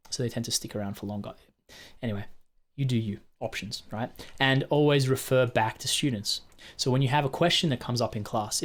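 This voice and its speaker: A man teaching fellow instructors in a casual, chatty screen-share walkthrough, often checking in with "right?", recorded on a computer mic. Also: mid-range voice. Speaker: technical instructor training other instructors.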